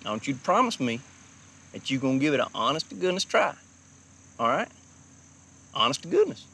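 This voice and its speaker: A man playing a gentle, encouraging father who coaxes his son along with folksy talk, in a film drama. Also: mid-range voice, big pitch swings, brisk, husky, full character voice. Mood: coaxing. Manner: folksy, coaxing pep talk. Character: gentle, encouraging working-class Southern dad.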